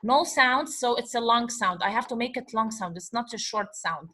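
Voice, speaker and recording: A woman teaching a slow online lesson, patiently repeating and sounding out letters over a video call. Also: a little high, sharp tone, breathy edge. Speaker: Arabic teacher.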